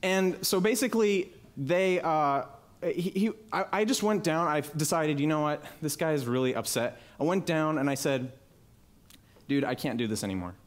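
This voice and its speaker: A young man giving a conference talk, telling a personal story in a lively, casual way and acting out the voices of people he quotes. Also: a little high, normal speed. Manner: animated, acts out quoted voices. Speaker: conference speaker. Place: talk venue with live audience. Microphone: headset mic.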